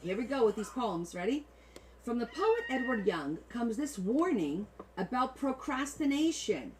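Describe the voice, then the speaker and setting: A woman's voice: a little high, measured pace, a little hiss or hum, low-quality recording. A woman with a New Jersey accent, hosting a casual livestream and joking with her viewers. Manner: animated and joking, chatting with viewers. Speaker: livestream host.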